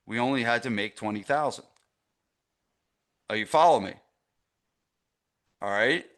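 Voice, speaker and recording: A man's voice: medium pitch, a little slow, fairly bright tone. A middle-aged man teaching a live online masterclass for gym owners, stressing points and checking in with his audience. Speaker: gym business coach.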